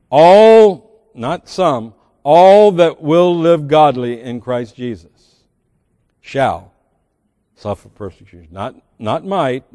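A man preaches from the pulpit, his slightly high voice swelling on key words and dropping low on others. He reads scripture aloud in a measured sermon style. The sound rings with the long reverb of a large church sanctuary. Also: darkish tone. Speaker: pastor.

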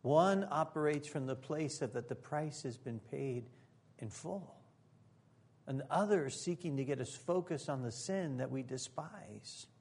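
A man's voice: fairly high pitch, a little slow, a little mellow, slightly rough. A man preaching a sermon as pastor, earnest and emphatic, with occasional joking asides.

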